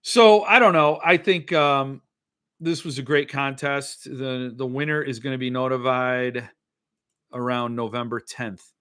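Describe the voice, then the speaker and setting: Bright-voiced man hosting a chatty show. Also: mid-range voice, unhurried, clean tone. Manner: rambling, joking, reads comments aloud. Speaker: podcast host. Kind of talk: casual livestream chat.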